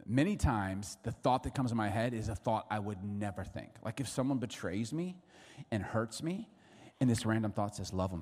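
Man, 40s, pastor mid-sermon: conversational, playful, swings his pitch a lot; reverberant sanctuary sound. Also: darkish tone. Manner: conversational and jokey, acting out quick voices.

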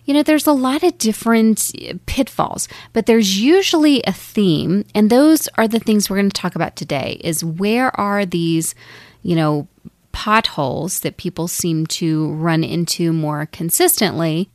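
A woman co-hosting a podcast as a medium, talking casually with many fillers and lively quoted asides. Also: mid-range voice, a little slow, no echo, clean studio sound. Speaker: podcast co-host, psychic medium.

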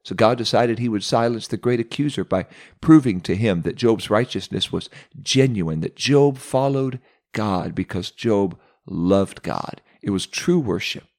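A man's voice: lowish voice, animated, measured pace, a little mellow. A male preacher telling a scripture story in a sermon. He builds drama as he narrates and slips into voices for the characters. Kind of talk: sermon retelling a Bible story with acted voices.

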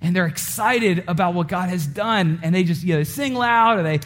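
A high-pitched man in his thirties preaching to his congregation. He delivers the sermon with lively energy, turns often to address the listeners directly, and acts out the voices in his stories. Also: moderate pace. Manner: animated preaching, acts out voices and story scenes. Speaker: pastor.

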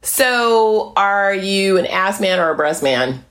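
A woman's voice: mid-range voice, expressive, takes it slowly, fairly bright tone. A woman hosting a casual chat, playful and teasing, laughing often. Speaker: host.

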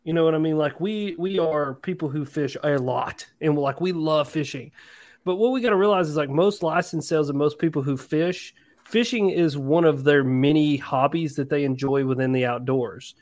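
A man with a somewhat higher voice, talking casually on a podcast. He is animated and self-deprecating, and he tosses in quick asides as he goes. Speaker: podcast co-host, angler. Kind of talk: casual chat.

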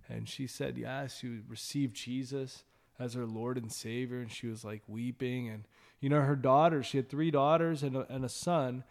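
A man's voice: mid-range voice, steady tone, normal speed. A man hosting a ministry show, telling an evangelism testimony in an earnest, rambling way with many fillers and restarts.

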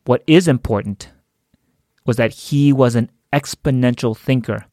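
A man's voice: mid-range voice, unhurried, darkish tone, no room sound, clean studio sound. A man in a conversational storytelling talk who chuckles as he goes. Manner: conversational, chuckles while telling.

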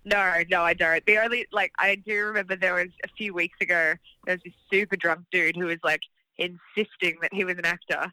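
A woman's voice: on the low side, steady tone, fairly quick, sharp tone, no room sound, poor audio. A woman from Australia with an Australian accent, a singer chatting as a guest on a podcast and telling stories with energy. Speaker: guest musician, vocalist. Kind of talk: casual podcast chat.

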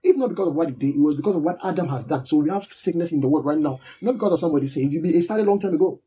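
A man's voice: on the high side, very fast, mellow, slightly rough. A man preaching a sermon to a congregation, emphatic and repetitive, leading a prayer line by line. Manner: emphatic, repeats key words, leads a prayer line by line. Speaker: pastor.

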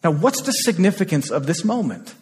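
A man's voice: on the high side, sing-song, fairly quick. Impassioned male preacher in a reverberant hall. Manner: impassioned, repeats phrases, swings between loud and hushed. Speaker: pastor. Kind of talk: sermon. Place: church sanctuary.

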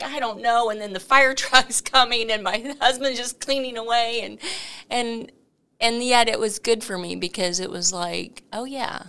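A middle-aged woman telling a story as an interview guest, animated and laughing, with many fillers. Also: a little high, clear, resonant tone. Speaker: coffee company founder, interview guest.

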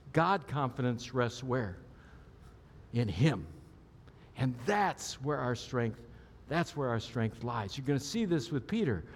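A man preaching a sermon as pastor, conversational and often asking the audience questions. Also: medium pitch. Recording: long hall reverb.

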